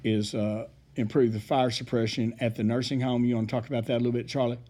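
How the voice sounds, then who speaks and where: A man delivers a city council report in a mellow, warm voice at an everyday pitch. He rambles and halts, his sentences full of fillers. He reads through the items in a plain, practical way. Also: flat delivery, quick pace. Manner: rambling, hesitant, many fillers. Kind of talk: public meeting report.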